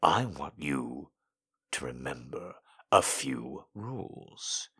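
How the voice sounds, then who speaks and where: A man voicing a cold, domineering man who speaks in a low, hushed murmur in an audio story. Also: very animated, takes it slowly, breathy edge, exaggerated voice. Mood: cold command. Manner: stern and commanding.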